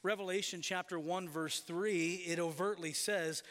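High-voiced preacher in a reverberant hall. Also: male voice, steady tone, fairly bright tone. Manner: emphatic preaching with slowed, stressed phrases. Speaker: pastor. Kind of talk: sermon. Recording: long reverb of a large hall.

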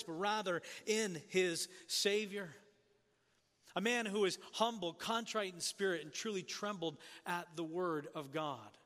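A man preaching a sermon as pastor, earnest and questioning, often dropping soft and low for emphasis. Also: in a large hall.

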